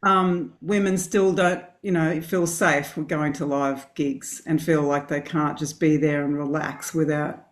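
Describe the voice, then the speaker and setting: A woman's voice: low-pitched, fairly even intonation, unhurried, hardly any pauses. A middle-aged woman from a band, answering interview questions thoughtfully and hesitantly, with many ums. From Australia. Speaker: band member.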